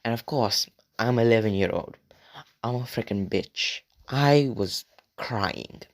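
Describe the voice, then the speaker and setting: A man's voice: medium pitch, takes it slowly. A young man telling a story from his childhood in a rambling, profane way, full of filler words and talking straight to his viewers. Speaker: vlogger. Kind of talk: casual storytime monologue.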